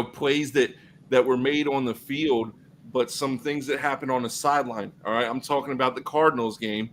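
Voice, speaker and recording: A man's voice: medium pitch, a little hiss or hum, rough recording. A man co-hosting a football podcast, talking loosely in casual sports chat with plenty of fillers. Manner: animated, loose, lots of fillers. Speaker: podcast co-host.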